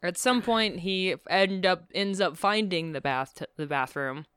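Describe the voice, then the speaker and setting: A woman's voice: on the low side, unhurried, clear, resonant tone, dry recording, studio quality. A woman co-hosting a casual podcast, recapping a movie with lots of swearing and laughter, acting out the characters' lines. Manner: animated, profane, acts out quotes with laughter. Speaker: podcast co-host.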